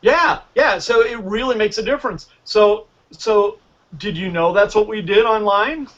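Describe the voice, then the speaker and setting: A man teaching magic as a guest, telling stories in a casual, animated way and acting out the dialogue. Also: sits high, a little slow, muffled recording. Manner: animated, acts out dialogue in quotes. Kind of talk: casual storytelling lesson.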